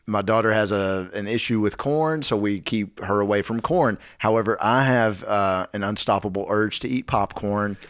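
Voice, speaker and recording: A man's voice: lowish voice, normal speed, few pauses, a bit bright, clear, resonant tone, dry recording, clean studio sound. A man and parent chatting casually as a podcast co-host, telling self-mocking stories. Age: adult parent. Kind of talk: casual chat.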